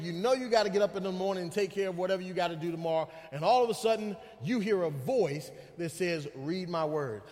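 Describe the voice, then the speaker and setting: A male pastor preaching a sermon with emphatic repetition and call-outs to the congregation. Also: sits high. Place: church sanctuary. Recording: long reverb of a large hall.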